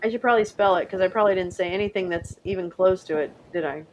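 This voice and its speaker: A woman's voice: fairly low pitch, quick pace, poor audio. A middle-aged woman hosting a casual live stream, rambling and chatty, often laughing and trying out French words. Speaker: livestream host.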